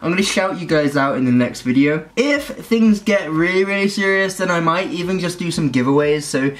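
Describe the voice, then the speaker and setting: A man's voice: fairly high pitch, expressive, fairly quick. A man hosting his own vlog, chatting upbeat and directly to his viewers. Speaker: vlogger host. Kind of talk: casual vlog chat to camera.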